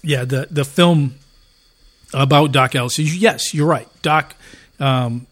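A middle-aged man co-hosting a podcast in casual chat, a rambling storyteller who gets animated and laughs often. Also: mid-range voice, takes it slowly. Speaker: podcast co-host.

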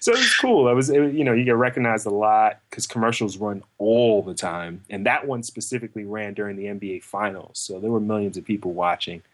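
Laid-back man telling animated stories. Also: fairly quick, hardly any pauses, a little hiss or hum. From lived in New York. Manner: animated, acts out quoted voices in higher pitch. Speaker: actor guest. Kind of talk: casual interview storytelling.

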